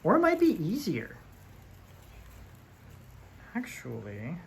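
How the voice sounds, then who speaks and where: The DIY host here has a slow, creaky mid-range voice with wildly swooping pitch. Chatting casually and joking as they build, they think out loud in a relaxed how-to style, recorded in a noisy workshop.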